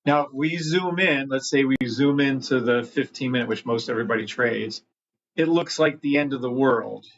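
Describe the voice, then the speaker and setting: A man's voice: mid-range voice, normal speed, muffled recording, a little hiss or hum. A man hosting a live trading stream, greeting chat by name and talking bluntly with lots of swearing. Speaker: livestream trading host. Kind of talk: live market commentary reading chat.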